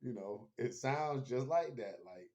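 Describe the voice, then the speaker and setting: A man's voice: medium pitch, expressive, a little slow, a little mellow. A man hosting his own channel, recapping a TV episode in a laid-back, slangy, rambling way. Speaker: host.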